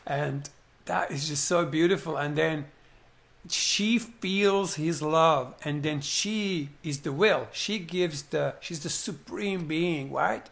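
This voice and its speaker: Animated man with a gravelly voice. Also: fairly high pitch, slow pace. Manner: animated, acts out scenes, many rhetorical questions. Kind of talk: enthusiastic retelling in conversation.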